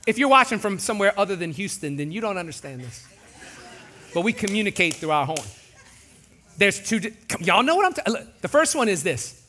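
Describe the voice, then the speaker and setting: A man preaching a sermon as pastor in a large church, animated and jokey, acting out voices. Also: sits high, fairly quick.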